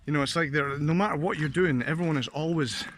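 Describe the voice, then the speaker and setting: Talking fast in a fairly bright, high-ish voice, a man from Scotland films a casual walking vlog on a handheld camera as he strolls past houses outside. He's chatty and rambling with frequent laughs, while dogs bark amid slight background noise.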